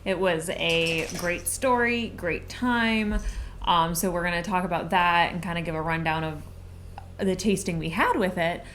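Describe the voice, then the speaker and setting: A woman's voice: lowish voice, a little slow, a bit bright, a little hiss or hum. A woman co-hosting a casual drinks review, chatting in a bubbly way, full of "like". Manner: bubbly, talks with lots of "like". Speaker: co-host. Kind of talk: casual chat.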